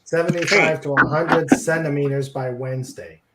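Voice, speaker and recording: A man's voice: a little high, steady tone, moderate pace, over a noisy crowd. Genial man hosting a live stream. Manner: reads chat messages aloud, chuckles often. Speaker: stream host. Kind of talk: casual live stream chat.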